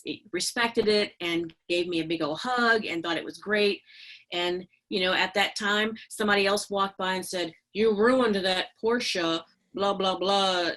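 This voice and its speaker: A middle-aged woman sits as a podcast guest and tells her stories casually. She is chatty and animated, with lots of fillers and easy laughs, and her pitch sits at an ordinary middle height. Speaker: podcast guest, business owner. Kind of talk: casual interview storytelling.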